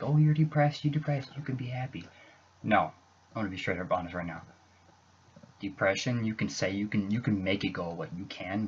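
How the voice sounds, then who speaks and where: Low, flat-voiced young man, halting. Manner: halting, rambling, earnest, with restarts. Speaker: YouTuber. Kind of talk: emotional personal vlog. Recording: dull lo-fi with faint hiss.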